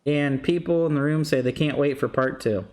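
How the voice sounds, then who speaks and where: A man's voice: on the high side, moderate pace, a little mellow. A man co-hosting a live stream, reading viewers' comments aloud in an easygoing, dry way. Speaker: co-host reading viewer chat.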